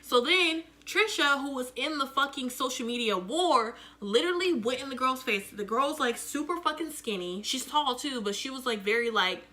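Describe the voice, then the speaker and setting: Profane, animated young woman telling a story. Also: high-pitched, normal speed, few pauses. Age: young adult. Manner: profane, animated, acts out quotes loudly. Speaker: vlogger. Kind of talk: casual storytime.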